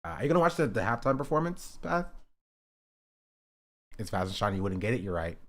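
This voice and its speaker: A man from North Carolina streams himself reacting to clips in casual commentary, joking and talking back to his chat. His voice is fairly low, sing-song, brisk, and a bit bright.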